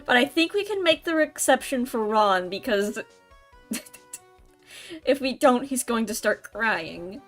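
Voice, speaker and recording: A woman's voice: a little high, very animated, takes it slowly, long pauses, fairly bright tone, faint music behind. A young woman giving casual, rambling commentary while playing a game, laughing often. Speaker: game streamer. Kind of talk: casual let's-play commentary.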